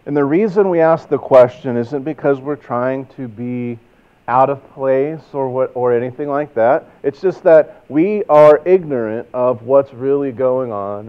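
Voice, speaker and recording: A man's voice: mid-range voice, unhurried. Texan preacher guy, chatty storytelling sermon, sounds tinny like over a phone. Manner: conversational storytelling, rhetorical questions.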